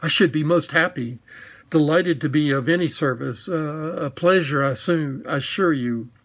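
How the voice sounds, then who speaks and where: A man's voice: on the high side, normal speed, a bit bright, dull audio. Stammering, fawning old male magician, read by a man in a storybook.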